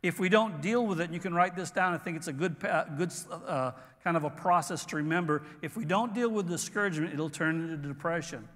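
Delivering a sermon, a pastor speaks in a bright, high voice, earnest yet halting as he pauses and starts phrases over. The sanctuary's long reverb lingers after each word.

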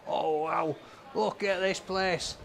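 A man hosting a food vlog, joking and calling out loudly while he drives and walks about. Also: high voice, fairly even intonation, slow, creaky. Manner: jokey, loud exclamations. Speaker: food vlogger host. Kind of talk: casual vlog chat. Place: car, then outdoors. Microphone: camera held by a cameraman.

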